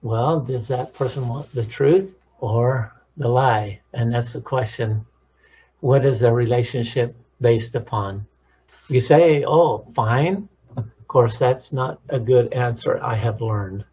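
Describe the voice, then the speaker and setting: A man talking as a counselor, teaching about relationships in a calm, measured way. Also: medium pitch, breathy edge, muffled recording. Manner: calm, measured, demonstrates tones of voice. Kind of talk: instructional talk on relationships.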